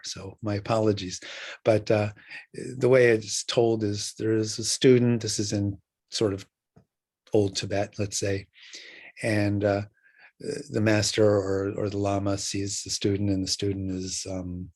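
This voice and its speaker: An older man giving an unhurried dharma talk as a Buddhist teacher, halting often and trailing off between phrases. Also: fairly low pitch, breathy edge. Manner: unhurried, halting, many fillers.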